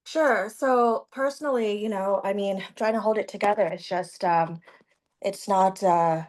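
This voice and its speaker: A woman's voice: medium pitch, unhurried, a little mellow. A woman sharing her reflections in a group session, hesitant and full of fillers. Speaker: coaching participant.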